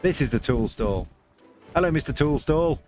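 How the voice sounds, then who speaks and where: A man's voice: a little high, lively intonation, normal speed, over music. Chatty man streaming a game. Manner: chatty, reads chat aloud, rambling with restarts. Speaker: livestream host. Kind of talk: casual game livestream chat.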